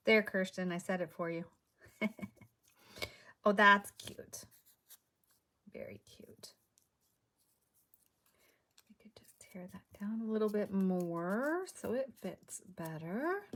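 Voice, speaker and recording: A woman with a lowish, fairly bright voice hosts a crafting video from home, chatting casually and half-muttering to herself as she works.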